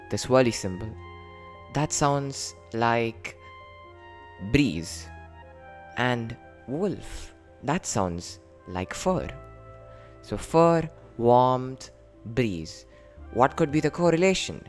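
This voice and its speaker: A man casually and playfully explaining his invented language, joking and jumping up in pitch for emphasis. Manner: jokey, animated, with sudden lifts in pitch.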